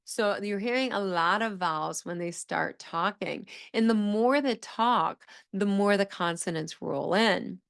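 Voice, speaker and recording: A woman's voice: medium pitch, a little slow, vocal fry, few pauses, clean tone. A woman speech-language pathologist teaching on a podcast, explaining points step by step and acting out phrases with exaggerated, sing-song intonation. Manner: explanatory, repeats key phrases, says "okay?" to check in.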